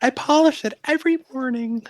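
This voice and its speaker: A man's voice: extremely high pitch, fairly quick, no room sound, voice pushed up, low-quality recording. A man voicing a hulking armored guard with a timid, shy voice. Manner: shy, soft-spoken.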